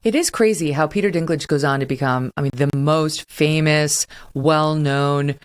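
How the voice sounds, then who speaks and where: A woman's voice: low-pitched, normal speed, clean tone. A woman hosting a talk-show interview, chatty and pointed as she leads the questions. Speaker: host.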